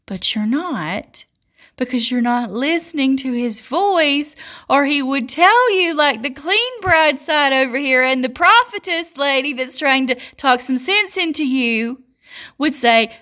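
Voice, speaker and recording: A woman's voice: high voice, moderate pace, fairly bright tone. A woman, a self-described prophetess, giving a fervent religious monologue, scolding and mocking her listeners and laughing mid-sentence.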